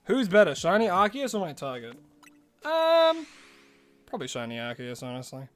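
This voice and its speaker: Brief: Australian streamer, playful casual commentary, frequent laughs, animated pitch, faint music behind. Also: quick pace. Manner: laughs often, chatty and playful.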